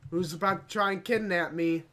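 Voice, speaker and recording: A gaming video creator doing let's play commentary, talking to the game and breaking into dramatic shouts and cries. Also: mid-range voice, fairly quick.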